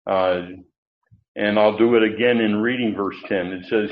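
An older male pastor preaches in a folksy, rambling way, full of asides and restarts. His voice sits low, and the recording sounds dull and lo-fi. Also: steady tone, normal speed. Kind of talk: expository sermon teaching.

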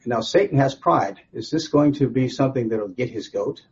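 A man's voice: mid-range voice, normal speed. A man teaching a Bible study in a conversational, rambling way, often restarting his sentences. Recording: slightly dull lo-fi recording.

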